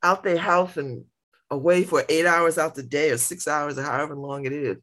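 A middle-aged woman hosting a casual radio chat, laughing often and talking in a playful, animated way. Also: low-pitched, normal speed. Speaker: radio host.

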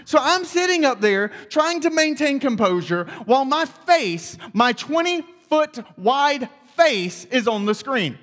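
A man pastor preaching with animated, self-deprecating storytelling. His voice is high for a man. The long reverb of a church auditorium hangs behind every phrase. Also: unhurried, hardly any pauses. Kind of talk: sermon with personal storytelling.

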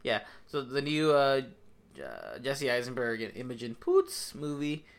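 A man's voice: mid-range voice, unhurried, gravelly. A man hosts a casual podcast in an easygoing voice. He swears freely and pads his sentences with "uh" and "like" as he goes. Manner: relaxed, profane, hesitant with fillers. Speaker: podcast host. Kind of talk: casual chat.

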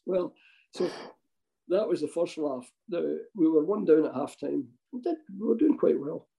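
This older man, a Scottish former football manager, spins rambling anecdotes, chuckling, restarting, and impersonating those he quotes. His fairly high voice is expressive, creaky and mellow at normal speed, captured on a low-quality recording.

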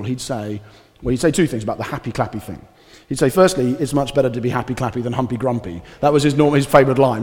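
A male pastor giving a conversational, animated sermon with casual asides. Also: fairly high pitch. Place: church hall. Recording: reverberant church hall.

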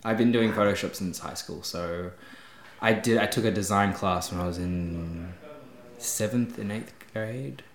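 Low-voiced Australian young man, echoey room. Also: a little slow. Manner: chatty, trails off with fillers and "yeah". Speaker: guest, YouTuber. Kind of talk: casual podcast interview.

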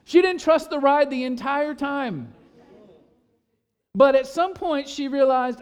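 A pastor preaching a sermon, stacking phrases in repeated lists and dropping to a hush when quoting scripture. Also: male voice, extremely high pitch, expressive, takes it slowly. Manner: repeats words and builds emphasis in lists.

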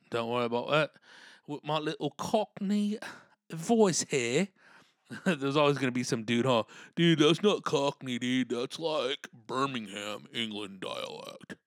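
A man's voice: medium pitch, fairly bright tone, no room sound, clean studio sound. A stand-up comedian hosting his podcast, a man chatting casually in laid-back slang with many filler words. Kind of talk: casual chat.

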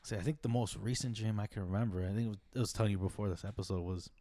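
Young cohost dude, lowish voice, stops and restarts a lot, dry sound. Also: male voice, fairly even intonation, dark tone, no echo. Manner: halting, restarts sentences, casual swearing. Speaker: podcast co-host. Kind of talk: casual chat.

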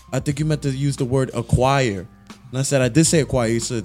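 A man's voice: mid-range voice, brisk, soft background music. A man co-hosting a podcast, teasing and joking as he tells stories in casual chat. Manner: teasing, joking, lively storytelling. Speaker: podcast co-host.

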